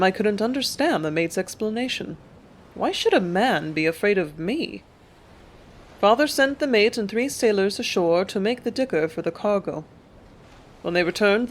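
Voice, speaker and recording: A woman reading a first-person memoir as an audiobook narrator, calm and measured. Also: mid-range voice.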